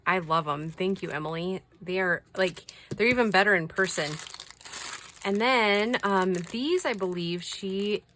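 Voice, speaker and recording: A woman with a mid-range voice speaks unhurriedly over slight background noise. She chats casually while showing off crafty mail sent by subscribers, gushing over each piece in a soft-spoken way and sometimes dropping to a whisper.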